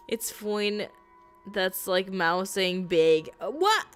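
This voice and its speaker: An American woman streamer reading a visual novel aloud and chatting in an animated, jokey way, often laughing. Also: medium pitch, a little slow, faint music behind.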